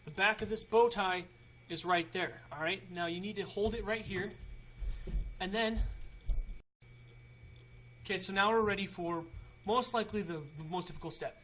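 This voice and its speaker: A man's voice: high-pitched, normal speed, pushed and bright, slight background noise. A young man hosting a casual how-to video, chatty and rambling with frequent restarts. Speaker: tutorial host.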